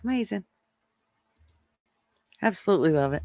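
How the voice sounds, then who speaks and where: A woman hosting a casual livestream, chatting excitedly and laughing often as she reads viewers' comments. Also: medium pitch, normal speed, dry recording. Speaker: channel host reading live chat.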